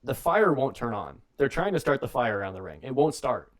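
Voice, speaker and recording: A young man co-hosting a wrestling podcast on the radio, telling a comedic story in a rambling, jokey way and breaking into quick put-on voices. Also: mid-range voice, sing-song. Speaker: podcast co-host.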